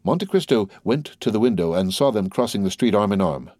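Low, dry-voiced male audiobook narrator. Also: lively intonation, a little fast, a little mellow, no room sound. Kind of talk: scripted narration.

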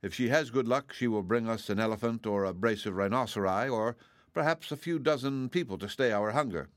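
A rasping, haughty young dragonette who drawls with formal politeness while admitting it would gladly eat you, as a man reads it in a storybook. The voice sits somewhat higher than his own low tone. It is recorded dry and close. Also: brisk, dry recording, natural voice. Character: young dragonette, sixty-six, proud and polite, hungry. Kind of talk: audiobook reading.

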